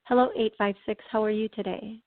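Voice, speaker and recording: A woman hosting a call-in radio show as a psychic medium, chatty and reassuring, often clearing her throat. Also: mid-range voice, steady tone, a little fast, no echo. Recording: tinny phone-like sound, dry.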